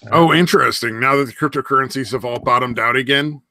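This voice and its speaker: A man's voice: medium pitch, fast talker, sharp tone, dry recording. A man co-hosting a casual podcast, telling profane stories and laughing at them. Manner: swearing storyteller, laughs at own stories. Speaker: podcast co-host.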